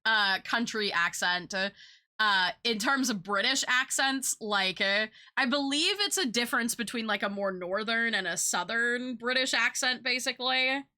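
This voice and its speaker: A woman's voice: a little high, moderate pace, sharp tone. A young woman streamer chatting casually with her viewers, rambling and filling her talk with "like" and "uh". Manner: chatty, rambling, filler-heavy.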